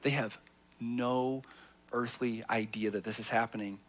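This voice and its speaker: Male pastor, mid-pitched voice, earnest sermon, hushed lines that build to emphatic ones. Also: fairly even intonation, a little slow. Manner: personal storytelling with restarts.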